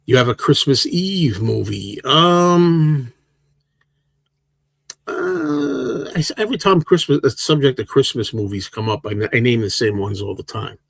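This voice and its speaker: He's a livestream host in his sixties with an unhurried, creaky, medium-pitched voice, captured with no echo. Casual and rambling, he goes through viewers' comments and answers each question separately.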